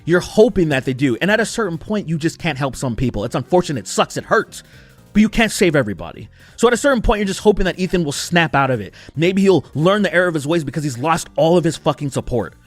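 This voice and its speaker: A man's voice: on the high side, big pitch swings, quick pace, faint music behind. A young man ranting in a heated, profane commentary, talking emphatically and swearing often. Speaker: commentary YouTuber.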